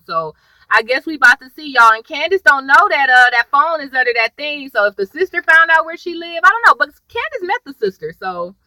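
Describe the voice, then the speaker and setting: Lively, bright-voiced woman rambling through a recap. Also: high-pitched, no echo, poor audio. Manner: chatty, rambling, goes off on tangents; addresses viewers as "y'all". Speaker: TV episode reviewer. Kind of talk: casual episode recap.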